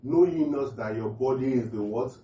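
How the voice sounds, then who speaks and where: A man preaching a sermon, asking the congregation questions and driving points home by repeating phrases. His voice is dark and mellow. It is picked up from a distance in a roomy, echoey hall on a muffled recording. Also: mid-range voice, normal speed, a little hiss or hum. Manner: call-and-response questions to the congregation; repeats key phrases emphatically. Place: church hall.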